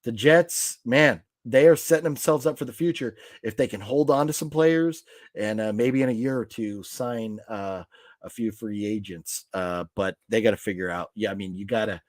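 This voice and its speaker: Male live-stream host, middle pitch, dry close mic, rambling chat with viewers. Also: normal speed, no room sound. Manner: rambling, reacts to viewer comments with fillers and restarts.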